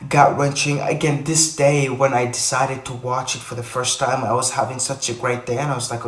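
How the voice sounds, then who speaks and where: A man vlogging to the camera in casual chat, rambling and repeating himself with animated bursts. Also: medium pitch, moderate pace, few pauses. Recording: echoey room, a bit far from mic.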